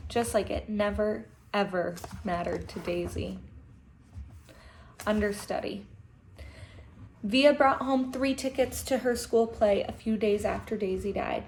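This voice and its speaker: A teacher reading a children's novel aloud to her class, gentle and expressive, with emotional asides. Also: medium pitch, slight background noise.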